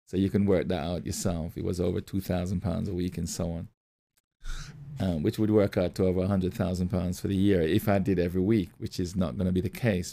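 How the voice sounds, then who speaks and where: Male pastor, middle-aged, low and gravelly, mellow tone, storytelling sermon delivery. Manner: storytelling, repeats phrases, acts out quoted voices. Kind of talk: motivational sermon talk.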